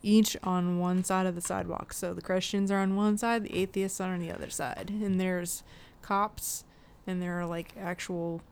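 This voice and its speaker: A co-host with a clear, smooth voice at a middle pitch, talking casually about a film. This voice interjects often with quick agreements and picks up the other speaker's sentences to complete them. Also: level tone. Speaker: podcast co-host. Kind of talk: casual chat reviewing a movie.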